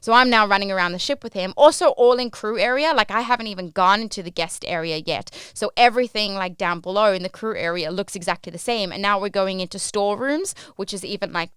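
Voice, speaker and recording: A woman's voice: medium pitch, fast, hardly any pauses, a bit bright, smooth, no room sound, clean studio sound. A young woman from South Africa telling a casual vlog story about her work as a cruise ship entertainer, chatty and full of "like" fillers.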